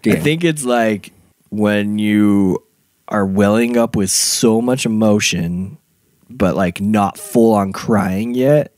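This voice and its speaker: A man's voice: on the low side, slow, darkish tone, no room sound. A man co-hosting a casual podcast who makes dry, self-mocking jokes. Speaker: podcast co-host. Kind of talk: casual chat.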